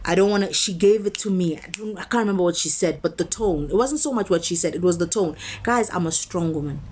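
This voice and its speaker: A woman's voice: lowish voice, darkish tone, a little hiss or hum. Emphatic woman minister preaching. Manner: conversational and emphatic, slowing to stress key words; builds points through repetition. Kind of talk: motivational sermon-style talk.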